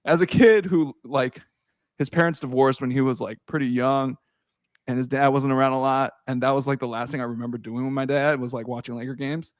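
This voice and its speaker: A man's voice: fairly quick, dry recording, studio quality. A man in his thirties, hosting a podcast in casual chat, telling stories with big swings, laughing and swearing. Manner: animated storytelling, swearing, laughing, shouting at highs. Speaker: podcast host.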